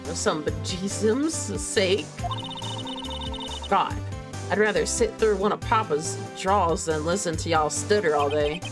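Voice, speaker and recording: Woman putting on a brash young Southern country gal, exaggerated drawl, loud and blunt, game music behind. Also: fairly low pitch, unhurried, natural voice. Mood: indignant. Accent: exaggerated Southern US drawl, put on.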